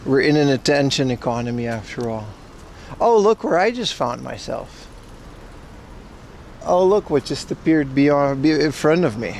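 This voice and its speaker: Outdoors and browsing plants, this male IRL livestreamer rambles and jokes playfully in casual chat with his viewers. He speaks a little slowly in an animated, mid-range voice that is creaky and a little mellow, and there's a slight hiss or hum.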